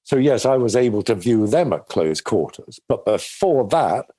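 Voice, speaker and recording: A man's voice: medium pitch, big pitch swings, normal speed, dark tone, dry recording. A man from England, a guest actor in an interview, telling stories in a rambling way with many restarts. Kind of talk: casual interview talk.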